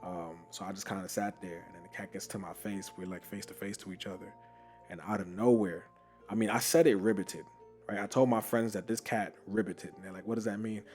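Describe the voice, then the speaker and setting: Low-voiced man telling a story. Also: fairly quick, soft background music. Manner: animated, laughing often, many fillers. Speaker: podcast host. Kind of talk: casual storytelling.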